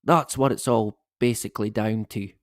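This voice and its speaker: A man's voice: fairly low pitch, fairly even intonation, moderate pace, no room sound, studio quality. A man hosting a casual live stream from home, chatting with viewers in a rambling way and chuckling often. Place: at home, dog snoring behind him.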